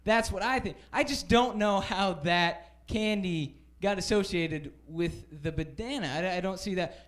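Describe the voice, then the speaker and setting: A man doing a stand-up comedy set on a club stage, self-deprecating and halting with fillers. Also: high voice, expressive, fairly bright tone.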